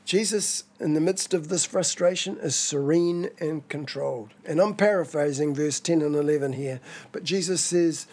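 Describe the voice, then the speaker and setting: Man, sermon, measured explaining, breathy tone. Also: a little high, darkish tone. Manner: measured, expository, dramatizes quoted scripture. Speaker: preacher.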